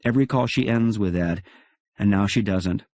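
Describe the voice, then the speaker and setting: A man's voice: fairly low pitch, normal speed, a little mellow, no echo, clean studio sound. A man narrating an audiobook in the first person, in a wry, conversational way.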